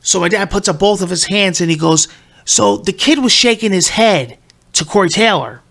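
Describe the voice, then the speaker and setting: Male podcast host, 30s, bright gravelly voice, swears constantly and rambles as he tells a story. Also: sits high, moderate pace. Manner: profane, excitable, rambling. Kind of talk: casual storytelling.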